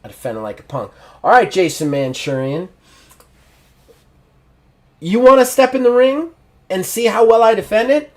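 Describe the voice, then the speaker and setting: A man's voice: high voice, big pitch swings, moderate pace, voice pushed up. A man playing a brash bragging champ. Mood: indignant. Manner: boastful, brash, loud. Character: cocky arrogant male wrestling champion, young adult.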